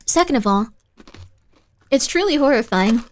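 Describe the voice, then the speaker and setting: A woman's voice: on the high side, lively intonation, normal speed. A woman streamer chatting casually on a live stream, rambling with many fillers.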